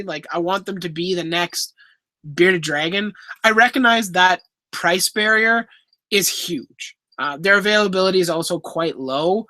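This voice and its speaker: A young man in his twenties hosts a relaxed livestream, reading viewer questions and answering in a chatty, quick-to-apologize way. His voice is bright and forward, and the sound is dry and close with no room around it. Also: high voice, no room sound. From Canada. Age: 20s. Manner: chatty, apologetic, easily laughing. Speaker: livestream host. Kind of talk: casual livestream Q&A, reading chat aloud.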